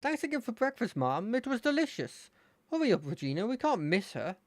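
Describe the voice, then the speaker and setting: A streamer voicing an eager, excitable young male rival trainer from a fangame, speaking high and bubbly. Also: fairly quick, dry recording, studio quality, close to an everyday voice. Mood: cheerful. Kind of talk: reading game dialogue aloud.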